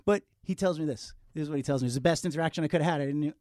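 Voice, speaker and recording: A man's voice: fairly high pitch, very fast, darkish tone, dry recording, studio quality. A man hosting a casual interview, chummy and profane, jumping in with questions and his own stories. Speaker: podcast host.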